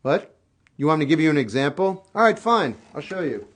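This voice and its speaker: A man's voice: on the high side, a little fast. A man hosting a live stream, giving casual life advice with candid reflection and sudden goofy outbursts. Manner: animated, goofy bursts of shouting.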